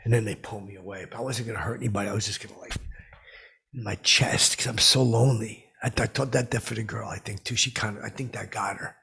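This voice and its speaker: A man doing a comedy podcast bit puts on an exaggerated voice as a lonely, clueless, brash oddball, rambling fast through a story with fillers and restarts. His lowish, gravelly, husky tone is bright and forceful, with fairly even intonation.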